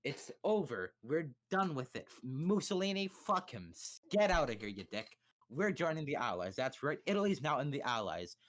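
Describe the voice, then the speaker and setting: A man's voice: a little high, big pitch swings, moderate pace, a bit bright. A young man casually explaining history on a livestream, swearing and cracking crude jokes. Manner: crude, joking, profane.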